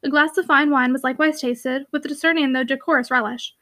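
Reading a classic novel for an audiobook, a woman narrates in a high, light voice. Her pace is brisk and steady, never lingering on any line.

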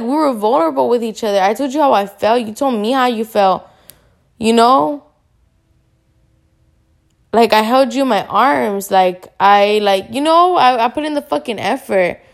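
A woman's voice: mid-range voice, creaky. A young woman hosting a casual podcast monologue, venting bluntly with lots of swearing. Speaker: podcast host.

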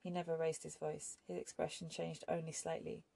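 A woman narrating an audiobook in a measured, even storytelling manner. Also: sits low, creaky, breathy edge, no room sound.

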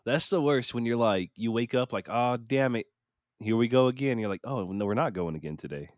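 A man in his thirties chats on a podcast in a middle-pitched voice and rambles a little. He keeps mocking himself. The sound is dry and close, with no room echo. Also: expressive, a little fast. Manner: rambling, self-mocking, acts out what he told himself. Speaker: podcast co-host. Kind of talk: casual podcast chat.

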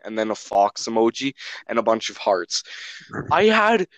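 Brief: young guy, casual storyteller, dry close sound, mid pitch. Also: big pitch swings, moderate pace, a bit bright, no echo, rough recording. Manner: rambling storyteller, frequent restarts and throat clearing. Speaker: podcast co-host. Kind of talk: casual chat among friends.

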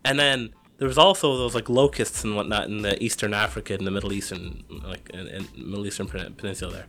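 A young man co-hosting a podcast, chatting casually in slangy, excitable talk and laughing often. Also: on the low side, fast talker, gravelly, soft background music. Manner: animated, slangy, laughs a lot. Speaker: podcast co-host. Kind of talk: casual chat.

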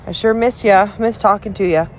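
A woman's voice: medium pitch, a little fast, a little mellow, slight background noise. A tired, stuffy woman rambling in a casual recorded message to a friend, encouraging and trailing off, with yawns between thoughts. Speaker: friend sending a video message. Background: dog barking.

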